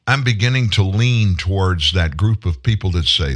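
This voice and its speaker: Animated man in political commentary. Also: low-pitched, moderate pace, hardly any pauses. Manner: animated, indignant, rhetorical questions. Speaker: host.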